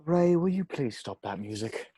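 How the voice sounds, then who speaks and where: A man's voice: fairly high pitch, expressive, moderate pace, background noise, natural voice. A man reading a livid old park owner. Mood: weary. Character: wealthy elderly male park owner, furious. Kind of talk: table read over video call.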